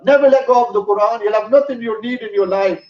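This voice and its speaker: A man's voice: high voice, fast. A man giving a sermon, telling a story in an earnest way. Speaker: preacher. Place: mosque hall. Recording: roomy, distant, dull sound.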